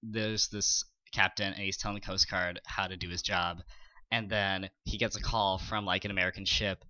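A man's voice: low voice, little pitch movement, normal speed, bright, forceful tone, dry recording, highs cut off. A man co-hosting a casual podcast chat, telling an anecdote and briefly acting out the voices in it.

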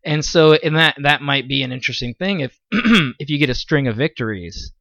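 A man's voice: fairly high pitch, expressive, moderate pace, vocal fry, fairly bright tone, dry recording. Guy rambling on a podcast, swears a lot, lots of likes and ums, dull dry lo-fi sound. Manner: rambling, swears freely, fillers and restarts. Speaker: podcast co-host. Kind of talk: casual chat.

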